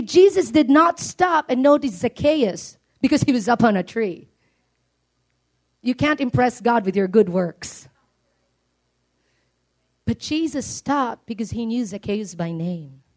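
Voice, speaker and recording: A woman's voice: fairly high pitch, animated, unhurried, darkish tone. A woman preaching a sermon, earnest and emphatic, building up through repeated appeals.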